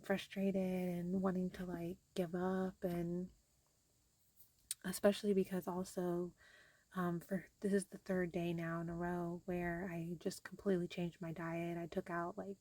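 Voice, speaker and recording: Tired young mom rambling to camera. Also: female voice, on the low side, a little mellow, no room sound. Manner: rambling, frequent fillers. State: tired and frustrated. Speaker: vlogger. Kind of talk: casual talk to camera.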